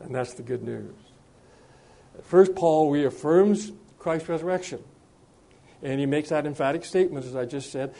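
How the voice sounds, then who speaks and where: A man delivering a sermon in a fairly high but mellow voice. He speaks with frequent pauses, fillers and restarts. When he reads scripture he slows down and raises his voice. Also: gravelly. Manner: measured, with frequent hesitations and restarts. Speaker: preacher.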